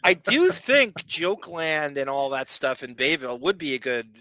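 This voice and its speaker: A man's voice: on the high side, big pitch swings, moderate pace, sharp tone, no echo, low-quality recording. A man with a Long Island accent co-hosting a podcast, rambling casually and jokily with many fillers and restarts. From Long Island, New York. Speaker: podcast co-host. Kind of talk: casual chat.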